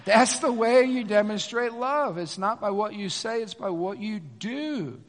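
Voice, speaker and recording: High-voiced pastor preaching in an echoing hall. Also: male voice, measured pace, hardly any pauses, slight background noise. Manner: energetic, conversational preaching with asides to the congregation. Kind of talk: sermon. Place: church sanctuary. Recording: long reverb of a church hall.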